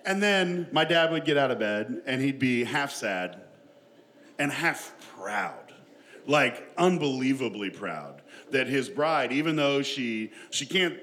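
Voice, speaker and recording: A man's voice: mid-range voice, fairly bright tone, a little hiss or hum. A man telling a personal family story to an audience in a chatty, self-deprecating way, laughing often as he goes.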